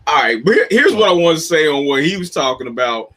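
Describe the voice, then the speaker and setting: Emphatic husky man co-hosting a chat. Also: a little high, big pitch swings, fairly quick, fairly bright tone. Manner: emphatic, lectures with stressed words. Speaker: podcast co-host. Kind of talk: casual chat.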